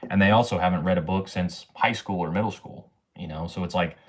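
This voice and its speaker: Young male streamer in his twenties, very low voice, casual and cussing, bro-heavy slang. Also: fairly quick. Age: 20s. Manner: slangy and profane, says bro and man a lot. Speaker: livestream host. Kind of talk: casual livestream chat.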